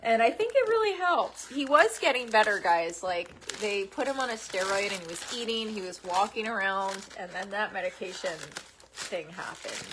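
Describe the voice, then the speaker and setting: Soft-spoken woman, halting and tearful. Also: medium pitch, expressive. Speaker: vlogger opening fan mail. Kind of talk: casual unboxing chat to camera. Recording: faint background noise with package crinkling.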